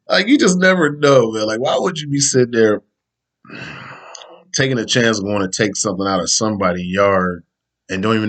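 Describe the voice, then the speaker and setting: A man hosting a podcast, talking in a loose, rambling, slangy way and laughing often. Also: lowish voice. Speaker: podcast host. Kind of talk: casual opinion talk.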